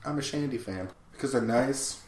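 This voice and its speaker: A man's voice: mid-range voice, normal speed, darkish tone, roomy sound, slight background noise. A man co-hosting a podcast who jokes, teases and swears in casual chat. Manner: teasing, joking, profane. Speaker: podcast co-host.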